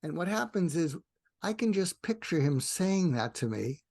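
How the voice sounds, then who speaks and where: Older man, gravelly voice, dry close sound, rambling storyteller. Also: fairly high pitch, big pitch swings, moderate pace, no echo. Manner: rambling, tangential, warm storyteller. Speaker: podcast guest, retired psychiatrist. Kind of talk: casual storytelling interview.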